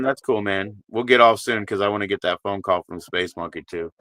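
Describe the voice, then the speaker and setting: A man's voice: lowish voice, fairly quick, sharp tone. A man hosting a live stream, talking bluntly and profanely while consoling a caller. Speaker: livestream host. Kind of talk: casual live stream chat. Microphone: streaming mic.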